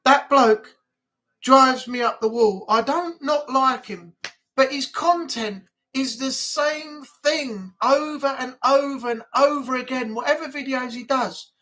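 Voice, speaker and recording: A woman with a fairly high voice hosts a relaxed live stream chat. She rambles along, full of ums, talking to her viewers in a casual way. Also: a little slow. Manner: rambling, chatty, many ums.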